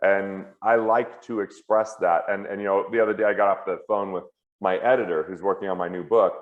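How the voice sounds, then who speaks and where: Man, deep low voice, earnest and candid, guest on a call, roomy slightly dull sound. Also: steady tone. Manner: heartfelt, candid, quick bursts. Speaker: guest, financial author and comedian. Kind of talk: earnest reflective conversation. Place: at home.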